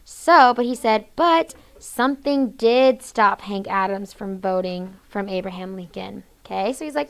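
A woman teaching sixth grade in a classroom, reading a story aloud, explaining it and hushing students between lines. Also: mid-range voice, measured pace, gravelly, hardly any pauses, smooth. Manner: reads quoted lines with changed voices, hushes students often.

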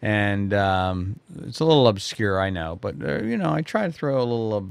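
A man's voice: lowish voice, very animated, moderate pace, creaky, clean tone, no echo. A man teaching photography in a live quiz stream, talking straight to viewers in a rambling, chatty way with many fillers and restarts. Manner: chatty, addresses viewers directly.

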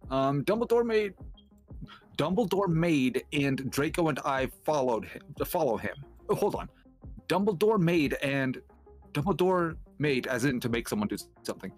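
Lively higher-voiced man reading mockingly. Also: faint music behind. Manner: mocking, reads in halting starts. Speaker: co-host reading a story aloud. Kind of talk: comedic gameplay chat.

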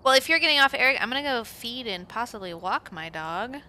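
A woman streamer chatting casually with friends during an online game, playful and quick to laugh. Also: fairly high pitch, lively intonation, pushed and bright. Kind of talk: casual chat while gaming.

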